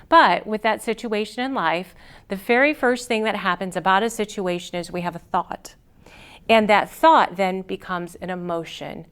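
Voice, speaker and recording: A woman's voice: lowish voice, fairly bright tone, smooth. A woman, a confidence coach and show host, telling a personal story in an earnest, encouraging way. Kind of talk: casual storytelling to camera.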